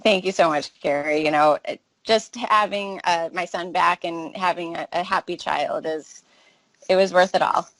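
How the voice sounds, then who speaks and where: A woman speaking as a parent guest in an interview, soft-spoken and heartfelt. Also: lowish voice, moderate pace, no room sound, rough recording. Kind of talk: casual interview.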